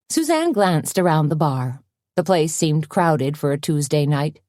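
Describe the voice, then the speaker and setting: A woman narrating a cozy mystery audiobook in a steady, plain way. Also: sits low, moderate pace, dry recording, clean studio sound. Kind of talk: scripted narration.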